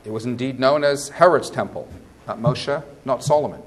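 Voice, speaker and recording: A male rabbi giving a sermon, emphatic, posing rhetorical questions, swinging between quiet and loud passages. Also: medium pitch, animated, normal speed.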